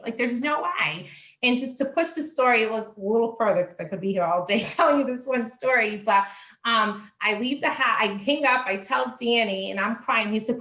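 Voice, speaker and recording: A woman telling a personal testimony casually, animated, acting out the voices in her story and laughing often. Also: mid-range voice, roomy sound. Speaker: church member sharing testimony.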